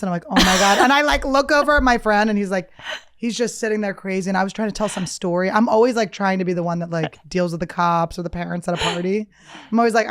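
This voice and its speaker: A woman in her thirties co-hosting a podcast, telling crude, animated stories in casual chat. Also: fairly low pitch, no room sound, studio quality. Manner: animated, crude jokey storytelling. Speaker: podcast co-host.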